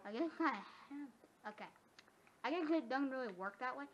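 A woman giving casual gameplay commentary, excitable and often gasping or squealing. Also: high-pitched, normal speed. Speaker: gamer. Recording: dull lo-fi sound with faint noise.

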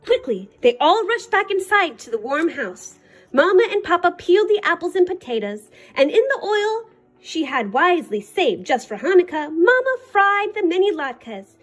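A woman reading a picture book aloud to children for a library storytime, with an expressive delivery. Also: very high-pitched, normal speed, soft background music.

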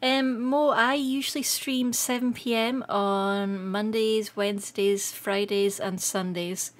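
A Scottish woman streaming live, chatting casually with viewers, excitable and quick to laugh. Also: medium pitch. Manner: excitable and giggly, laughs often. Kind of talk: casual livestream chat.

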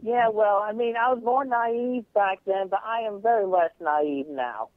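A man's voice: sits high, unhurried, dry recording. A man speaking stiffly and formally on a phone call, stammering and repeating words. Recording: muffled lo-fi call recording.

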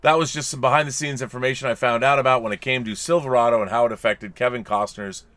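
A man co-hosting a livestream podcast speaks fast in a mid-range voice, recorded dry. He chats casually and animatedly, reading viewer messages aloud in playful voices with teasing asides.

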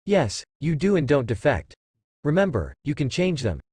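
A man's voice: a little high, huge pitch swings, normal speed, darkish tone, husky, no echo, full character voice. A man voicing a proud, regal sun goddess and mother who speaks coolly and matter-of-factly. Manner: matter-of-fact, cool.

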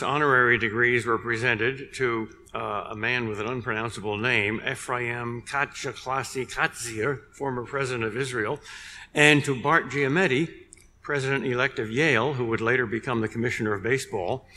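Older man, lecturer, measured, dry humor, mid-pitched voice, long hall reverb. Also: pushed and bright. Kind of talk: public lecture.

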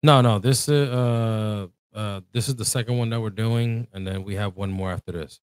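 A man's voice: on the low side, steady tone, normal speed, smooth, no room sound. A man from Puerto Rico with a Puerto Rican accent, co-hosting a livestream, chatting and joking as he answers the chat. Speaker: co-host. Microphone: desk mic.

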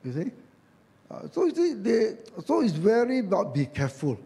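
A man's voice: high voice, wildly swooping pitch, moderate pace, warm tone. A man with a Malaysian English accent preaching a sermon as a church elder, chatty and joking, acting out quoted voices and adding tag questions.

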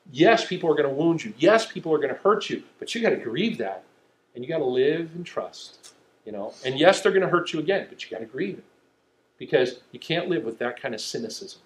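A man's voice: on the high side, lively intonation, a little fast. A man preaching a sermon in a conversational way, often checking in with "okay?". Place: church sanctuary. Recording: echoey room.

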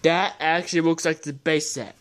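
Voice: medium pitch, fairly even intonation, moderate pace, noisy background. A young adult host muttering casual commentary while opening trading card packs, often swearing in frustration.

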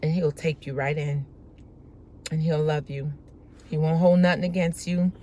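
A woman's voice: sits low, steady tone, normal speed, warm tone, a little hiss or hum. A woman preaching a devotional message, fervent and prayerful, repeating her phrases for emphasis. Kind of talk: devotional exhortation.

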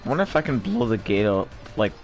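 A man's voice: lowish voice, expressive, quick pace, faint music behind. A man hosting a co-op gameplay session, swearing constantly, teasing his partner and laughing often. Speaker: channel host playing co-op. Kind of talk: casual gaming chat.

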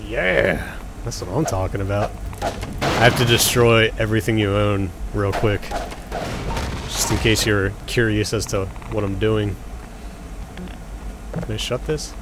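A man's voice: on the low side, unhurried, pauses often. A young man giving casual, jokey commentary while playing a video game, chatting at the enemies on screen. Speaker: let's play gamer. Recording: game noise under voice.

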